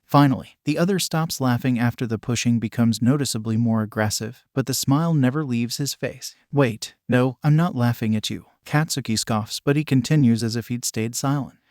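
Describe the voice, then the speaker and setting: A man narrating a fan-written story in a steady, even reading style. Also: medium pitch, fairly quick, hardly any pauses, dry recording, studio quality. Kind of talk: scripted fan-fiction narration.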